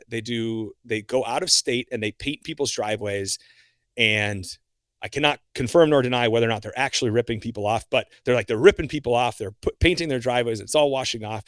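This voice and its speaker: A young man, a guest on a podcast, telling a story in a casual, animated way. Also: medium pitch, no echo, clean studio sound. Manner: animated, acts out his own reactions.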